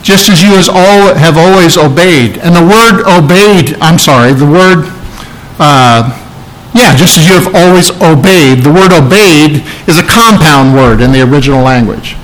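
A man delivers a sermon in an earnest teaching tone, working through a scripture passage line by line. His voice sits a little higher than most men's. He often circles back to repeat key phrases for emphasis. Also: moderate pace, fairly bright tone, low-quality recording. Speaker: preacher.

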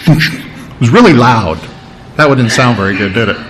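A man's voice: mid-range voice, expressive, normal speed, a bit bright, slight background noise, poor audio. A man preaching a conversational sermon, chatty, checking in with his listeners and imitating sounds.

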